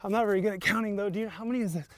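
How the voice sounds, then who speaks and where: Recorded dry, a man in his thirties speaks in a high-pitched, rapid-fire voice. He's a bike rider hosting a casual vlog at an outdoor dirt jump, joking, laughing often, and hyping things up with playful shouts.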